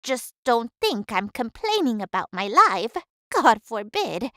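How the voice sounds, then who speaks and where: A woman's voice: fairly high pitch, very animated, measured pace, a bit bright, no room sound, studio quality. A woman voicing a humble, talkative housekeeper in a game, speaking reflectively about her life. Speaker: housekeeper of a manor. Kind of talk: game voice acting.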